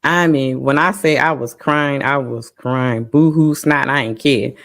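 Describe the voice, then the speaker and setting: A woman co-hosting a parents' talk show, telling a personal story in an emotional, halting way with many pauses and restarts. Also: rumbling low, steady tone, gravelly, fairly bright tone. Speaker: parent co-host. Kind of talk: casual personal testimony.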